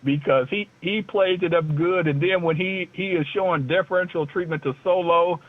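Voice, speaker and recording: Heard over a thin, tinny phone connection, a high-voiced man speaks at a moderate pace. He co-hosts a casual talk show, rambling loosely and joking as the talk-radio chat goes on.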